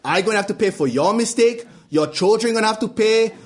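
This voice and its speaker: A man puts on a strict father, barking orders like a drill sergeant. The voice rides high and loud, clipped and commanding. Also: expressive, fairly quick. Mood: stern. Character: strict shouting Hawaiian father teaching driving.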